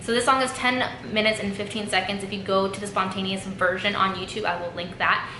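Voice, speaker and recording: A woman's voice: medium pitch, fairly even intonation, brisk. A young woman vlogging to camera about songs she loves, earnest and emotional, talking in a loose way with many fillers. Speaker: YouTube vlogger. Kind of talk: casual talk to camera. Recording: echoey room, faint background noise.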